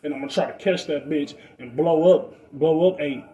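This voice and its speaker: Man, mellow voice, fairly high for a man, casual profane storytelling. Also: normal speed, lo-fi sound. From Detroit. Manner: animated, acts out other people's voices in a higher pitch; profane street slang. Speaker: podcast storyteller.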